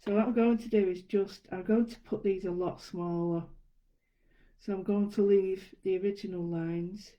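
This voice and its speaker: A mellow-toned woman talks through a drawing tutorial in a relaxed, chatty way. She narrates each step as she goes and her sentences often fade off quietly. Her pitch sits in an ordinary middle range for a woman. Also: normal speed, rough recording. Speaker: art tutor.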